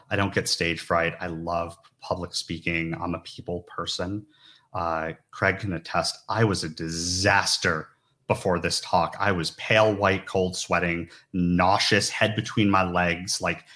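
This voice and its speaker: Low-voiced man telling a heartfelt story. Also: steady tone, measured pace, sharp tone. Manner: earnest, confessional, often asks "right?". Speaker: conference speaker. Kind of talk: personal story talk to an audience.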